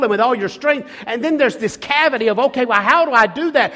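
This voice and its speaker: A middle-aged male pastor with a notably high voice delivers a sermon, hammering home repeated phrases and stumbling into restarts as he presses each point. His words carry a long reverb, as if spoken in a large sanctuary. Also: a bit bright. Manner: emphatic, repetitive preaching with restarts.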